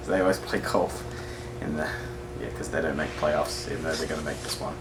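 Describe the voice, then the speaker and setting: A man's voice: very deep voice, fairly quick, background noise. A man, hosting a podcast and chatting casually in reaction to old commercials. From Australia. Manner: chatty, laughing, filler-heavy. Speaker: podcast host. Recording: echoey room.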